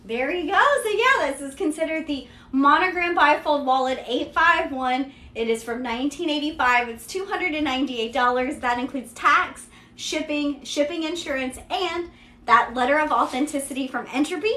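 Selling vintage luxury bags on a live stream, this host from Kentucky talks in a Central Kentucky Southern drawl, upbeat and chatty, dropping "yeah" and "there you go" often. Her high voice is pushed and bright at a moderate pace in an echoey room.

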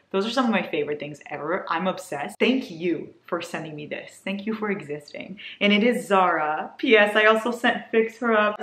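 A young woman vlogging as she opens book mail, gushing and excitable in a casual chat. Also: fairly low pitch. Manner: gushing, excitable, breathless with delight. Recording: echoey room with faint noise.

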